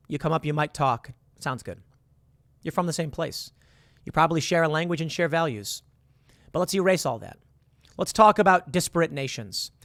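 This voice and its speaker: A man's voice: fairly high pitch, normal speed, fairly bright tone, no room sound, studio quality. A man hosting a casual commentary monologue, walking the listener through hypothetical scenarios and rising to emphatic bursts. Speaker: political commentary host.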